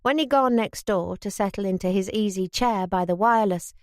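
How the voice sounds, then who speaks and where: A woman narrating a wartime novel in a measured, even storytelling manner. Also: medium pitch, no echo, clean studio sound. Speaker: audiobook narrator. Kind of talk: scripted narration.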